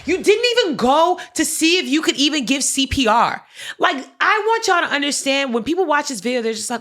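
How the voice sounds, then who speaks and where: Animated, swearing woman podcast co-host. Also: high-pitched, moderate pace. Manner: animated storyteller, heavy slang and swearing; fillers "like" and "literally". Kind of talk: casual chat.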